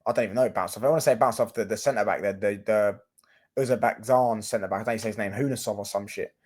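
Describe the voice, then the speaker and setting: Ranting football fan vlogger. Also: male voice, mid-range voice. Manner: ranting, repetitive, swears freely. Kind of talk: casual ranting commentary.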